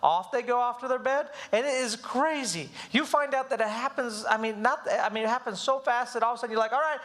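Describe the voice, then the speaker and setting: High-voiced man teaching a parenting class. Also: fast talker. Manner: animated, acts out whiny children's voices. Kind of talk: live church class talk.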